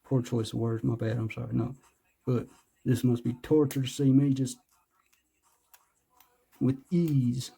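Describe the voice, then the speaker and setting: A man's voice: medium pitch, level tone, normal speed, creaky, mellow, slightly rough. A man doing casual, rambling unboxing commentary, joking, hyping himself up and cursing. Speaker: vlogger.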